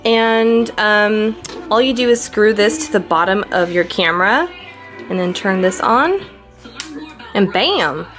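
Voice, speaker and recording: A young woman talks her way through a quick makeup routine for a vlog, chatty and self-mocking as she works. She sounds a little out of breath, and faint music plays in the background. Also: mid-range voice, lively intonation, a bit bright, rough recording. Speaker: beauty vlogger. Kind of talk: casual get-ready-with-me makeup chat.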